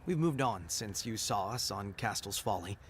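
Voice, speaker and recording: A game crew boss, lively up and down voice, quiet hiss. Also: male voice, on the low side, moderate pace. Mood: relieved. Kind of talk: video game dialogue.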